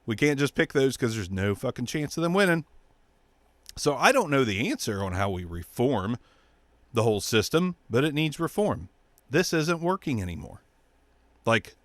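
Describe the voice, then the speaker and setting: A man hosting his own show, ranting bluntly about politics with heavy swearing and mocking, squeaky impressions of other people. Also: fairly bright tone, dry recording. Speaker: show host. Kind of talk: profane political rant.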